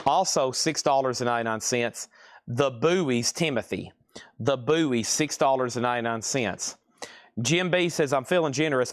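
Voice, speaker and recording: Southern man, mid-pitched, drawling host voice, dry close sound. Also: dry recording. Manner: drawls out words; chatty, reads out titles and prices. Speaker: live sale host. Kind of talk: live-stream record sale.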